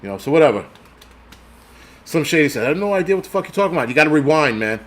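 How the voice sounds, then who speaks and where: A man's voice: on the high side, animated, rapid-fire, a bit bright. A middle-aged man hosting a channel in a casual, rambling, profane livestream rant, laughing often and answering chat comments. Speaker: prepper channel host.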